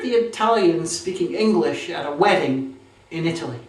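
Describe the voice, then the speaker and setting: A sarcastic woman film reviewer with a lively, animated delivery. She sounds a little distant from the mic, in a roomy, echoey space. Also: on the low side, moderate pace. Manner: sarcastic, mocking asides. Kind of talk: sardonic comedy review narration.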